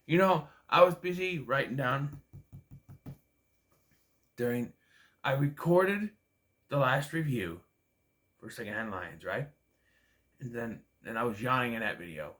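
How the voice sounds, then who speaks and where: A man's voice: mid-range voice, lively intonation, unhurried, long pauses, a bit bright. Drowsy guy vlogging his movie rankings, rambly and loose, mid-range voice. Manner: rambling, yawning, lots of fillers. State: sleepy. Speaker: movie reviewer. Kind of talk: casual vlog movie ranking.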